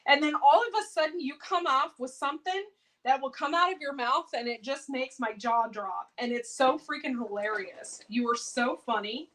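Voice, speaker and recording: A woman's voice: high voice, moderate pace, a bit bright, low-quality recording. A woman chatting casually on a cooking livestream, laughing and reacting to viewer comments. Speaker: home canning livestream host.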